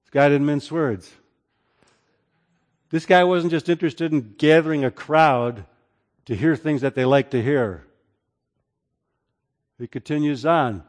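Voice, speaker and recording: A man preaching a sermon as pastor, moving between loud, emphatic lines and quiet, low passages. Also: measured pace, pauses often. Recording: long hall reverb.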